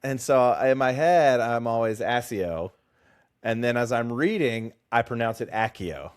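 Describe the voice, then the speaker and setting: A man co-hosting a casual book-discussion podcast, animated and playfully teasing his partner. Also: mid-range voice, moderate pace, clean tone. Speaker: podcast co-host.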